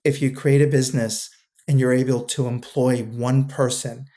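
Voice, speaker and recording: A two-time founder joins a podcast as a guest, speaking in a mellow, medium-pitched voice with flat delivery at a moderate pace. His casual interview talk is earnest, with repeated words as he works out what to say.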